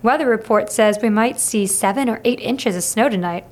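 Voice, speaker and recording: A woman's voice: a little high, moderate pace, close to an everyday voice. A woman voicing a friendly, easygoing father who runs an inn, chatting hospitably with a guest in a storybook reading.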